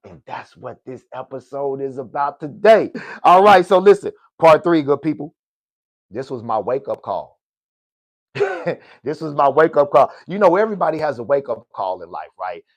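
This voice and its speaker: This middle-aged man from Oklahoma, US, hosts a podcast with a fairly high voice, big pitch swings and a moderate pace. His motivational personal talk is preachy, full of "good people" and "right?" as he calls out to listeners. There's no room sound.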